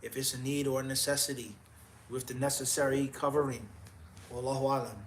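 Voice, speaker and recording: A man's voice: medium pitch, steady tone, a little fast, a little hiss or hum. A man answering live questions as a mufti, firm and exhorting, counting off points and joking about himself.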